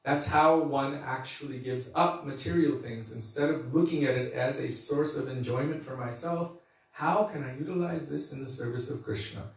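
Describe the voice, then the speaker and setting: A man's voice: medium pitch, moderate pace, gravelly. Male spiritual teacher, easygoing, chatty class tone; recorded far off in a very echoey room. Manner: conversational, laughs and acts out quotes. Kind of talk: devotional scripture class.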